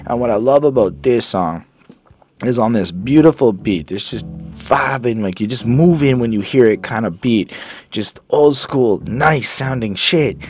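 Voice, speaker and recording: A man from Montreal casually reviewing an album, rambling and swearing with lots of "like" fillers. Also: mid-range voice. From Montreal, Canada.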